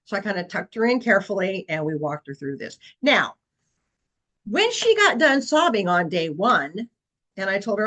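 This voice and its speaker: A woman's voice: mid-range voice, very animated, normal speed, fairly bright tone, low-quality recording. A woman real estate agent presenting a webinar session, telling a long client story in an earnest, anecdotal way with frequent fillers.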